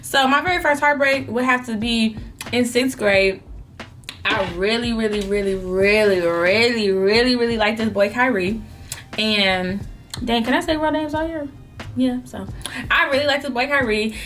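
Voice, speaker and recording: Animated young woman vlogger telling a story. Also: on the high side, moderate pace, soft background music. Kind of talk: casual storytime while eating.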